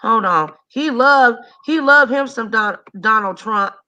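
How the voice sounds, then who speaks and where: A woman hosts a casual chat with a bright, sharp tone and a fairly high voice. She takes her time, drawing her words out playfully. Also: unhurried. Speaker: host.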